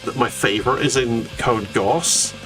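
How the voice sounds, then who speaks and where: Chatty man, guest on a painting stream, off-mic with soft guitar underneath. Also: mid-range voice, a little slow. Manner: rambling, chatty storyteller. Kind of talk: casual chat. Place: home hobby setup on a live stream. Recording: distant mic with faint guitar music.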